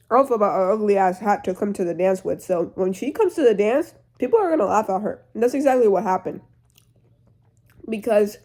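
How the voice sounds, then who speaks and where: A woman's voice: on the high side, darkish tone. A teenage girl retelling a story in a rambling, chatty way full of fillers. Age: teens. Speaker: vlogger.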